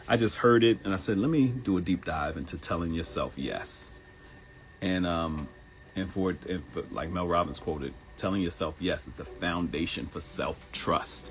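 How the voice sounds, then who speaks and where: A man's voice: very deep voice, creaky. A middle-aged man hosting a casual solo talk show, talking in an earnest, emotional, rambling way with restarts. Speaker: host.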